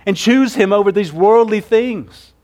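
High-voiced earnest preacher man. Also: unhurried. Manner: earnest, swings from loud fervor to hushed softness. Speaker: pastor. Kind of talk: sermon.

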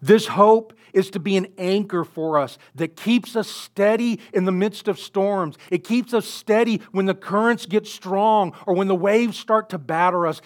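A man preaching a sermon in an earnest way, building up loudly on key phrases. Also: high voice. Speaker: pastor.

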